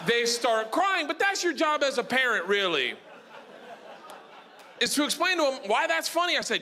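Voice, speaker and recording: Loud animated stand-up comedian, man. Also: very high-pitched, moderate pace, long pauses, background noise. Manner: loud, animated storytelling with acted-out voices. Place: live comedy stage.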